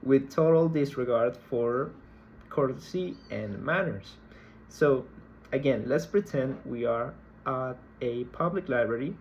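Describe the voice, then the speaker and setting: A man's voice: mid-range voice, dull audio. Guy lecturing a class, takes his time, repeats words a lot, bit of faint background noise. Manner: slow, deliberate, repeats words while explaining. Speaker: university lecturer.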